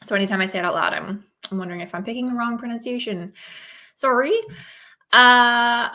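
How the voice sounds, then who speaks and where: A woman's voice: a little high, steady tone, brisk, sharp tone. A woman from Oregon hosting a casual livestream chat, upbeat and chatty, greeting viewers by name, with a slight cold. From Oregon, USA. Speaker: host.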